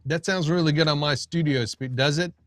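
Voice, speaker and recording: A man's voice: on the high side, a little fast, no echo, faint music behind. A man hosting a casual livestream, chatting loosely with viewers while he tweaks his audio setup, often restarting his sentences. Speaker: livestream host. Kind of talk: casual live-stream chat.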